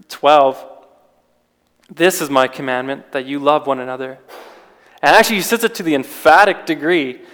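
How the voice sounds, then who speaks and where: A man's voice: on the high side, fairly bright tone, big-room sound. A man preaching an informal sermon in a conversational way, with restarts and rhetorical questions.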